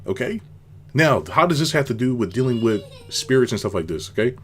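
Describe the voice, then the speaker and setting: A man's voice: medium pitch, animated, brisk, slight background noise. A man hosting his own video channel, talking casually and at length, firing off rhetorical questions, tacking "right?" onto his points and repeating himself for emphasis. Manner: rambling, with many rhetorical questions and tag "right?". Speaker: business consultant and video host. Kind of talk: casual spoken commentary to camera.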